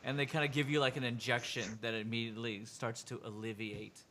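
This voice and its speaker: Game master with a humming background. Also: male voice, mid-range voice, level tone, fairly quick, sharp tone, a little hiss or hum. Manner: loose, filler-heavy narration. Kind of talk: narrating a tabletop game.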